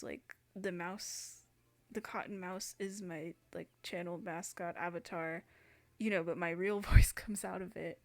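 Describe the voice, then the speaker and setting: A woman's voice: on the low side, gravelly, a little mellow. A young woman hosting a gaming channel, chatting casually over gameplay, rambling with many fillers and restarts.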